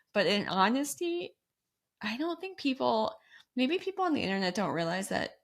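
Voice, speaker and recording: A young adult woman co-hosting a podcast, chatting casually and telling stories with animated sarcasm. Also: on the high side, moderate pace. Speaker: podcast co-host. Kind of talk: casual chat.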